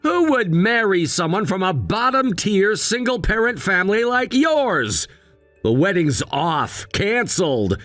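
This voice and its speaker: An actor playing an arrogant, snobbish young fiancé who talks down to others with a sneer, in a dramatized text story. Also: male voice, sits high, very animated, measured pace, a bit bright, no room sound, faint music behind, full character voice. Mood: contemptuous. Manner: sneering, condescending.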